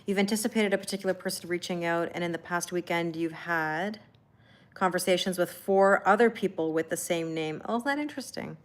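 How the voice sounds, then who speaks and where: A woman with a fairly low, brisk voice hosts a livestream as a tarot reader, giving a live reading. She's chatty and reassuring, laughs often, and reads viewer comments out loud.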